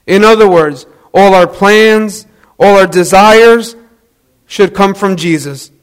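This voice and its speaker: A man's voice: sits high, slow pace, clear, resonant tone. A man preaching a sermon, telling a story in a conversational way, asking the congregation questions and correcting himself as he goes. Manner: self-corrects mid-sentence.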